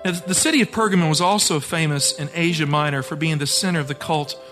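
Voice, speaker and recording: A man's voice: on the high side, fast, long reverb tail, music in the background. A man preaching an earnest, emphatic sermon as pastor.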